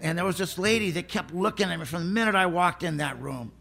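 A man's voice: high voice, fast, vocal fry, bright, forceful tone. A man giving a blunt, streetwise personal testimony at a recovery meeting, often laughing as he talks.

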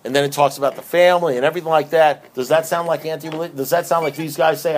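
A man's voice: on the high side, very fast, few pauses, slight background noise. A man giving an emphatic, conversational recovery talk who often repeats himself. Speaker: recovery speaker.

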